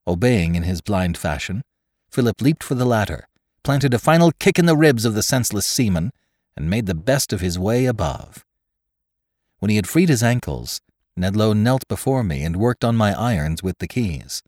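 A man reading a classic adventure story aloud as scripted narration, in a measured, expressive way. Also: fairly low pitch, no room sound, studio quality. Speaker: audiobook reader.

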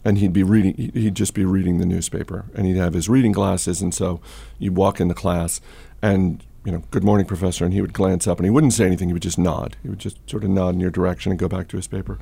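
Man, podcast host, husky gravelly voice, dry close sound, rambling chatty delivery. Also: low-pitched, steady tone, fast, few pauses, warm tone, no room sound. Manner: chatty, with many fillers and restarts. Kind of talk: casual storytelling and market chat.

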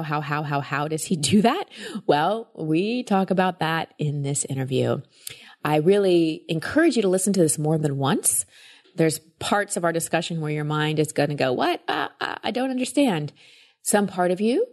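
Low-voiced enthusiastic woman podcast host. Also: a little mellow. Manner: enthusiastic, chatty storytelling. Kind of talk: casual podcast introduction.

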